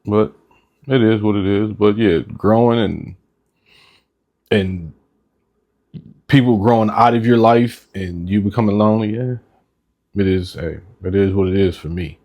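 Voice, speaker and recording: A man co-hosting a casual podcast, speaking in a halting, reflective way with lots of "you know". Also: on the low side, dull audio. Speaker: podcast co-host.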